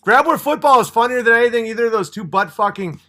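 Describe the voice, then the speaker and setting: A man's voice: extremely high pitch, lively intonation, quick pace, pushed and bright. A man from upstate New York hosting a livestream, ranting in a fired-up, profane and blunt way. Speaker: livestream host. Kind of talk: casual livestream rant.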